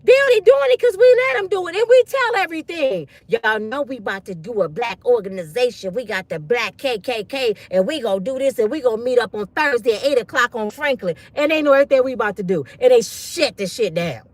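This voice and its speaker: A woman's voice: on the high side, animated, fairly quick, hardly any pauses, no echo. A woman ranting bluntly and profanely in a casual livestream on her phone. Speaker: online commentator.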